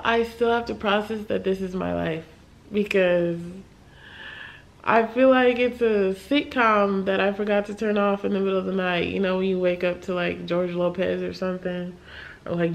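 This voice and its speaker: A young American woman talks to her camera late at night, candid and worn out. Her voice has a gravelly fry at the ends of phrases, and she pauses, sighs and laughs softly as she goes on. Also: on the low side, level tone. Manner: candid, tired, halting, with sighs and soft laughs. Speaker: vlogger. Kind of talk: emotional late-night vlog talk.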